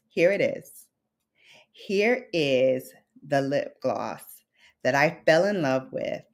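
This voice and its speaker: Low-voiced, unhurried New woman vlogger. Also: a little mellow. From Brooklyn, New York. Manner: heartfelt and nostalgic, calls viewers babes and honey. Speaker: beauty vlogger. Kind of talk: casual livestream chat with viewers.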